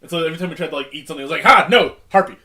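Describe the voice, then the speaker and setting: A man's voice: a little high, fairly even intonation, racing, fairly bright tone. A young man co-hosting a podcast in casual chat, rambling and stumbling over his words as he explains. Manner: rambling, stammers and restarts when explaining. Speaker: podcast co-host.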